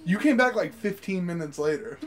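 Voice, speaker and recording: Man co-host, raised pitch, animated delivery, crude joking banter, faint noise behind. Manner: joking, profane, quick to laugh. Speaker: podcast co-host. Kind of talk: casual chat.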